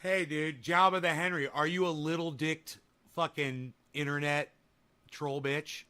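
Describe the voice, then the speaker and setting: A man's voice: on the high side, fairly even intonation, a little slow, pushed and bright, clean tone. A man hosting a casual livestream, reading viewer comments and trash-talking in a crude, taunting way. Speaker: livestream host.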